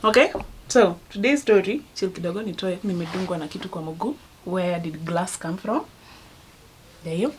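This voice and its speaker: A woman's voice: lowish voice, expressive, normal speed, slight background noise. A young woman with a Kenyan accent, chatting casually in a rambling storytelling vlog and laughing at herself. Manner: drops to a hushed voice at times. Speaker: vlogger.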